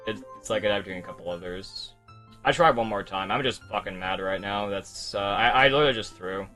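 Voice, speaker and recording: Frustrated young man streaming, bright tone. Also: lowish voice. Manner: frustrated, rambling, swearing. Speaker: speedrun streamer. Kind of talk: casual live-stream commentary.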